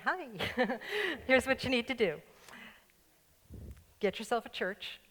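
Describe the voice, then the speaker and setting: An older woman pastor with a slight New York accent, giving a playful, joking sermon and laughing along with her congregation. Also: mid-range voice. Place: church sanctuary with congregation. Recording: long church-hall reverb.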